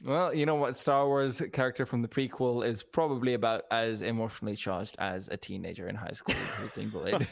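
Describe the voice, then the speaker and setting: A man's voice: mid-range voice, fairly even intonation, brisk, creaky, few pauses. A man commentating live on a competitive shooter match, playful and chatty. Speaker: esports commentator.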